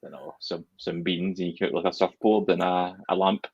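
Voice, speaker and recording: Man, low husky voice, deadpan joker, dull lo-fi recording. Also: moderate pace. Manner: deadpan, spins absurd jokes. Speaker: podcast co-host. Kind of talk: casual chat.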